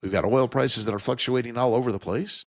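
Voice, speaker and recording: A man's voice: medium pitch, fairly quick, no room sound, clean studio sound. A man hosting a financial talk radio show, stressing key figures and explaining the numbers plainly to his listeners. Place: radio studio.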